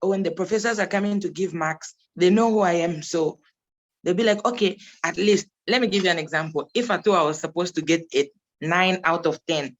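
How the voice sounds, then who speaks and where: A woman's voice: lowish voice, a little fast, dull audio. A young woman, a native English speaker and recent graduate, answering questions in a casual chat, telling her story with frequent laughs. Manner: chatty, storytelling, laughs often. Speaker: graduate guest.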